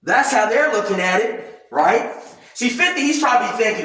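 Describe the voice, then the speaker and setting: A man ranting loudly and animatedly in casual commentary, swearing freely. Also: high-pitched, normal speed, faint music behind. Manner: loud, animated, profane ranting. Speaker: commentary vlogger. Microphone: camera mic at a distance, no clip-on mic. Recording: very echoey room, voice far from mic.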